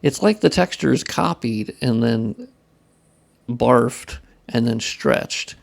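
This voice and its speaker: A young man with a gravelly, fry-tinged voice at a middle pitch, talking loosely to his stream audience as he works. He mutters, swears at his software and laughs at himself between thoughts. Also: animated, slow pace. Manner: profane, self-deprecating muttering to chat. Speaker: modding streamer. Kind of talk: casual live-stream chat while working.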